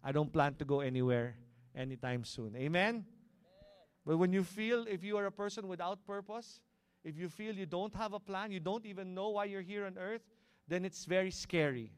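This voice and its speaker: A middle-aged man with a Filipino accent preaching a sermon, asking the congregation "Amen?" and moving between loud and hushed delivery. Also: high voice, normal speed, clear, resonant tone, dry recording. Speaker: pastor. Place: cinema hall used as a church.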